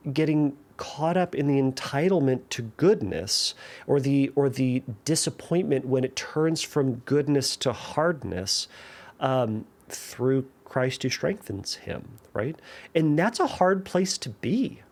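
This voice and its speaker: A man hosting a podcast, talking casually and answering a listener's question, with frequent fillers and restarts. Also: medium pitch. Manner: conversational, many fillers and restarts, tells jokes with animated voices. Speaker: podcast host. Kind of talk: casual chat.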